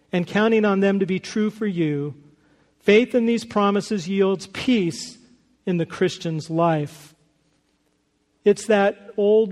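A man preaching in a church, his voice pitched high for a man and carried by a long hall reverb. He speaks earnestly and rises to emphatic peaks as he builds each point. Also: darkish tone. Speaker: pastor. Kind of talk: sermon.

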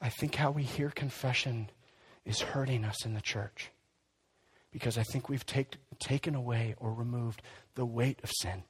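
A man preaching a sermon in an emphatic, conversational way, swinging between loud and quiet. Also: mid-range voice, fairly even intonation, moderate pace, breathy edge. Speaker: pastor. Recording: long hall reverb.

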